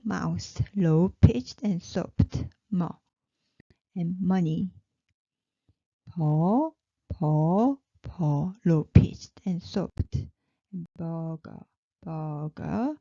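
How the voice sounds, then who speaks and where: Woman teaching sounds real slow, gravelly low voice, kinda dull lo-fi audio. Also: mellow, dry recording. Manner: patient, repeats sounds slowly. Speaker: language teacher. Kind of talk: slow pronunciation lesson.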